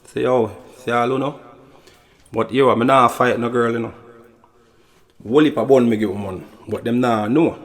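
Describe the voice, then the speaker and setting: A man's voice: mid-range voice, fairly even intonation, normal speed, big-room sound. A man with a Jamaican accent telling a casual, rambling anecdote, repeating "you know" and "you see me" as he goes. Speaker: storyteller. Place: recording studio.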